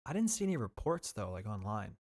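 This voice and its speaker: A man co-hosting a podcast in a casual chat, relaxed and full of fillers like "like.". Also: fairly low pitch, fairly quick. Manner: relaxed, filler-heavy with lots of "like". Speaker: podcast co-host.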